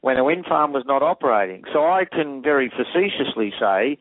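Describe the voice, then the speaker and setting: A man explains technical measurements in a methodical, measured way. His voice sits at an ordinary pitch. It comes through dry and thin, like a tinny phone line. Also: animated, dry recording. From Australia. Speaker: acoustic engineer guest.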